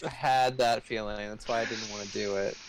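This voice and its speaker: A man's voice: on the low side, fairly even intonation, fairly quick, crowd noise, poor audio. A man playing in a tabletop game, musing hesitantly with dry humor. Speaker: player. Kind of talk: casual game banter.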